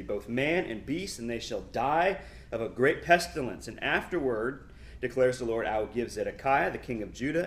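This is a Bible lesson taught by a middle-aged man of medium pitch. Quick asides punctuate his emphatic, spirited reading of scripture.

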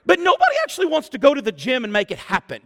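A man preaching a sermon as pastor, animated and exclamatory, acting out what people say. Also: extremely high pitch, racing. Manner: animated, exclamatory, acts out quotes. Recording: long church-hall reverb.

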